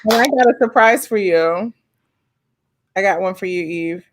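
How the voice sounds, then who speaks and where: A woman hosting a casual interview show, talking effusively in quick bursts. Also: medium pitch, slight background noise. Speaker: host.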